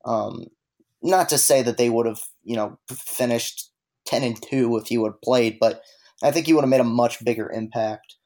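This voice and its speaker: A man's voice: mid-range voice, moderate pace, a little mellow. A man on a casual sports podcast who talks hesitantly and restarts his sentences.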